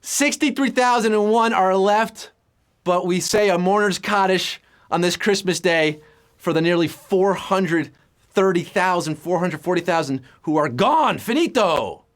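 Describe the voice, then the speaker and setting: A man hosting a live trivia game show, full of quick puns and jokes. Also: high voice, lively intonation. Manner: jokey, punny, quick patter.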